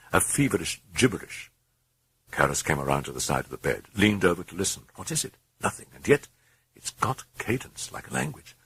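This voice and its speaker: Deep, very husky horror narrator man. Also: pushed and bright, no echo. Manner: intense, brooding. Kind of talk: dramatic horror audiobook narration.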